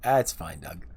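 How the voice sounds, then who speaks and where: A man's voice: low-pitched, breathy edge. A man in his thirties chatting casually and rambling while livestreaming a game, chuckling often. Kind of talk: casual chat while gaming.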